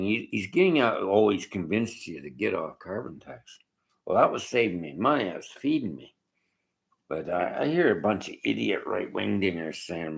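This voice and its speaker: A man's voice: low-pitched, expressive, normal speed, gravelly, low-quality recording. A man rambling through a combative, blunt political rant aimed at his viewers. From Canada.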